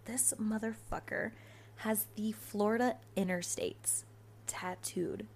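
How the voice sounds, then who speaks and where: A woman in her twenties hosting a podcast, telling stories in a casual, profane, animated way. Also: mid-range voice, slow pace, a little hiss or hum. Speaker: podcast host. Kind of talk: casual storytelling monologue.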